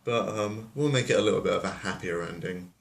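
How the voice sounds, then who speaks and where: A man acting as storyteller tells a fairy tale as comedy, rambling and dropping offhand asides. His deep, creaky voice moves a little fast, and the recording has a roomy echo.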